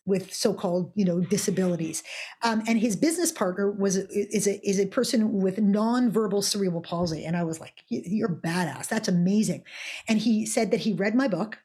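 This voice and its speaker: A woman's voice: mid-range voice, darkish tone, husky. A woman talking as a guest in an interview, passionate and emphatic, often repeating words as she speaks. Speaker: author and guest. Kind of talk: podcast interview.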